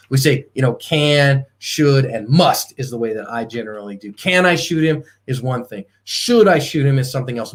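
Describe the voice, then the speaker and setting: A man giving a live self-defense seminar as the instructor, talking emphatically with fillers and restarts. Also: medium pitch.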